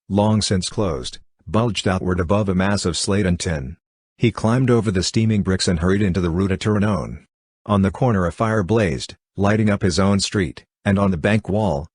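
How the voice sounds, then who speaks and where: A man reading a classic novel aloud as an audiobook narrator, in a steady, measured way. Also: low voice, slightly rough, no room sound. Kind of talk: scripted narration.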